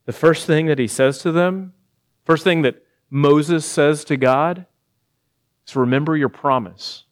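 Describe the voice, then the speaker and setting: A middle-aged pastor delivers a sermon in a slightly high voice at a slow pace. He's animated, slipping in little laughs and building up to emphatic, worked-up peaks.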